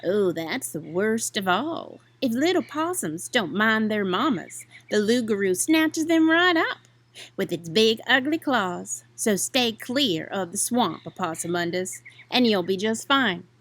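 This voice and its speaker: A woman voicing a gentle, cautious mother possum who gives soft, soothing warnings. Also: mid-range voice, expressive, a little slow.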